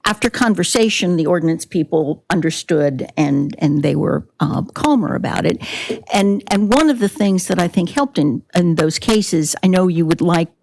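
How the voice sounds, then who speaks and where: A plant society board member addresses a city committee, her voice slightly low. She explains in a friendly, conversational manner. She sounds at ease as she speaks. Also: expressive, normal speed, gravelly, a little mellow, low-quality recording. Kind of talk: public comment at committee meeting.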